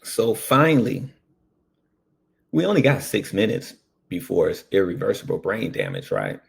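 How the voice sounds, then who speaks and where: A man, a paramedic, telling a personal story in an animated, earnest way. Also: on the low side. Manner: slow, gravelly, animated storytelling.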